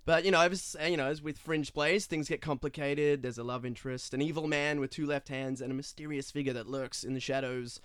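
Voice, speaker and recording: An upbeat, chatty man from Toronto selling his fringe show. His voice is bright and crisp, dry and close to the mic. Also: on the high side, fairly even intonation, brisk, hardly any pauses, no room sound. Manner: upbeat and chatty, with many likes. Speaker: theatre performer guest.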